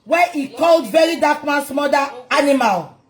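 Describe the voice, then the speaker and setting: A Nigerian woman hosts a live gossip stream, indignant and pressing her viewers with repeated questions. Her voice sits fairly high and rings in a roomy, echoing space. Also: animated, moderate pace. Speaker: livestream host. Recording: roomy echo.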